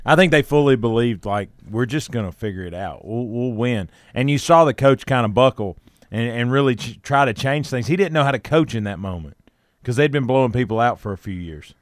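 A man co-hosting a sports talk show, retelling a story in a lively way with laughs and acted-out quotes. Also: mid-range voice, no room sound, clean studio sound. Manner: animated retelling, laughing, with quick quoted voices. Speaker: sports radio co-host.

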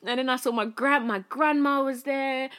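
A woman's voice: high voice, steady tone, moderate pace, a bit bright. A young woman with a British accent, a podcast guest telling a personal story in casual chat, full of fillers and acted-out quotes. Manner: chatty storytelling, many fillers, acts out quoted speech.

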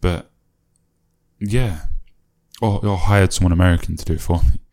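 A man's voice: low-pitched, normal speed, dark tone. A man, a musician casually reflecting on his own old music, rambling and musing with many fillers and self-corrections.

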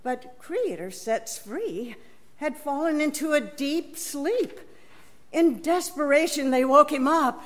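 Woman reading scripture slowly, high-pitched. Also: animated. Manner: measured, deliberate reading. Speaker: worship leader reading scripture. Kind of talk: scripture reading in a church service. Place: church sanctuary.

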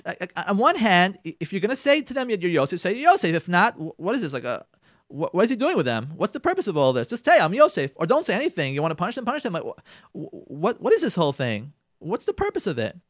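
A man giving a radio Torah talk, retelling a biblical story with dramatic emphasis and calling his listeners "ladies and gentlemen". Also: high-pitched, huge pitch swings, fast talker, no echo, studio quality. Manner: repeats and restarts phrases for emphasis.

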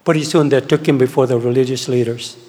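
An older man giving a sermon testimony, telling his story in an animated way and acting out his own past words. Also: mid-range voice, fast talker. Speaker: preacher. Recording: long reverb of a hall.

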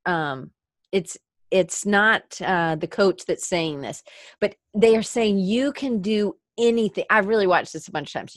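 A woman's voice: medium pitch, fairly bright tone, no echo, clean studio sound. A woman hosting a podcast, tearful and talking in a rambling, heartfelt motivational monologue. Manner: rambling with restarts and filler words. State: teary, crying. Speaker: podcast host.

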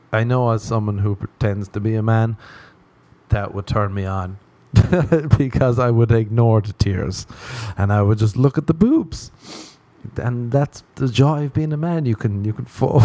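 A man's voice: on the low side, warm tone. A man hosting a podcast, rambling through a crude comic monologue, mocking himself and laughing at his own jokes. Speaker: podcast host.

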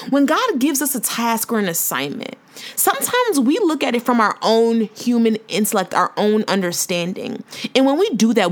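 A young woman talks straight to her listeners in a podcast monologue. She is earnest and emotional, often leaning hard on repeated phrases, and mixes casual slang into her preaching. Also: high-pitched. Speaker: podcast host. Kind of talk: faith-based podcast monologue.

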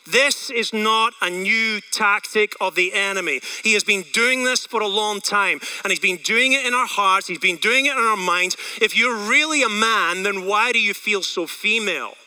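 A Scottish pastor preaching with energy and a chatty, questioning manner. His voice is high for a man and very bright. The mic picks him up from a little way off. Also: moderate pace, hardly any pauses, clean tone, recorded from a distance, rough recording. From Scotland. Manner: energetic, conversational, asks the room questions. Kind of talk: sermon.

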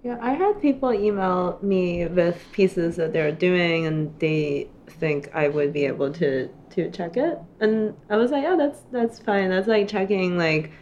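A woman illustrator on a podcast panel, talking casually with many "like"s and sudden pitch jumps. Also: measured pace, few pauses, darkish tone, dull audio, a little hiss or hum.

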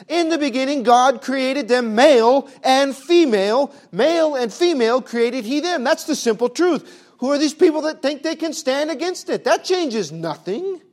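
High-pitched emphatic male preacher. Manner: emphatic, rhetorical questions, swings from booming to hushed. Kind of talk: sermon.

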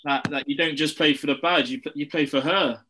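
A man's voice: on the high side, fairly even intonation, fairly quick, bright, forceful tone, a little hiss or hum. A man speaking as a podcast guest, hesitant with ums and short laughs as he talks. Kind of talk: casual podcast chat.

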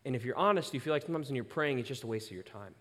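Animated young man preaching in a reverberant hall. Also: medium pitch, very fast. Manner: animated storytelling with self-aware asides. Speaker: pastor. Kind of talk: sermon.

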